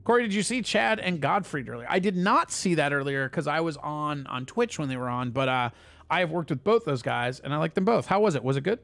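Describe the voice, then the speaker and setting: Male stream host, gravelly, slightly high, casual and foul-mouthed, faint music bed. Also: expressive, a little fast, fairly bright tone. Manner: loose, profane, reads chat aloud. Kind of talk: casual live stream chat.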